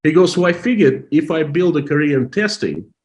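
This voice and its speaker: A middle-aged man from Russia with a Russian accent, telling a story in halting, emotional English full of restarts. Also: on the high side, animated, a little mellow. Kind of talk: casual storytelling.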